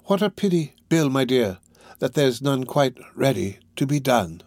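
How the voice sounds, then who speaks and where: A man reading an audiobook, voicing a scheming, wheedling old male fence who talks in a slow, ingratiating drawl. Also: mid-range voice, animated, a little mellow, no echo, studio quality. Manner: ingratiating, drawn-out.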